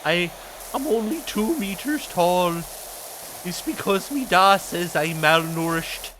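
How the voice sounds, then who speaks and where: Streamer doing a chirpy starving urchin boy, lively pitch, hissy audio. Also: slow pace, poor audio. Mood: eager. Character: starving poor Victorian boy, cheerful and naive.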